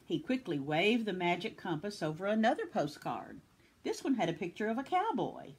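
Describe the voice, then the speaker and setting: Husky woman reading a picture book aloud. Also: medium pitch, normal speed. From Tennessee. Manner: expressive storytelling. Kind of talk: children's read-aloud.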